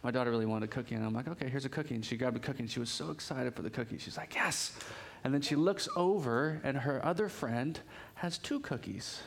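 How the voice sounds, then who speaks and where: A man in his thirties, a pastor with a bit of congestion, leading a prayer and preaching a sermon with lively storytelling. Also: medium pitch, fast, creaky, few pauses. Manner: lively storytelling with quoted voices. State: congested, sniffly. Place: church.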